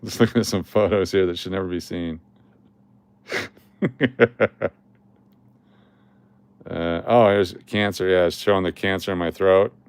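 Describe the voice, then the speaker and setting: A man's voice: low-pitched, fairly even intonation, fairly quick, hardly any pauses, clear, resonant tone, no echo. A middle-aged man hosting a casual vlog, rambling and joking as he talks through old photos. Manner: rambling and joking, with chuckles and trailing restarts. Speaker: coin collecting channel host.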